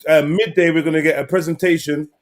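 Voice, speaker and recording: Excitable man hosting a live panel. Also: a little high, fast talker. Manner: excitable slang-heavy banter. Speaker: host of a live online panel. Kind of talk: casual group chat.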